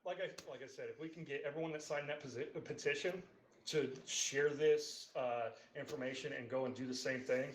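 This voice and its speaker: A man talking casually as a podcast guest, telling anecdotes in a relaxed way. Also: medium pitch, brisk. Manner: relaxed, swears lightly, tells anecdotes. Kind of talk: casual chat. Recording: roomy echo.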